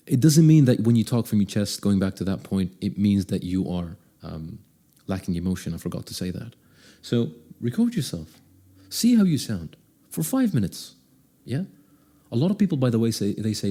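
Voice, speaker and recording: A young man talks through a speaking lesson in a relaxed, conversational way, often pausing to check that the viewer follows. His voice sits low and has a mellow, dark tone. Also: breathy edge. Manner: demonstrative, shifts pitch and pace to show examples; conversational with frequent check-ins. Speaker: voice coach. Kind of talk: casual video lesson.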